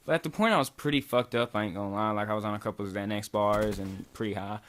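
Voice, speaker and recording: A man's voice: on the low side, fairly even intonation, fast talker, fairly bright tone. A young man from Kentucky, casually telling a long, rambling story with lots of swearing. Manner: loose, rambling, swears a lot. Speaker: vlogger.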